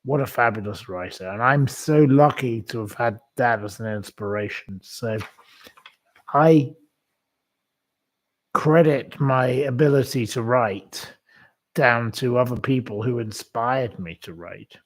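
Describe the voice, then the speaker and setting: A man's voice: medium pitch, unhurried. A man hosting a live online quiz, chatting casually, rambling and calling out viewers by name. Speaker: livestream quiz host.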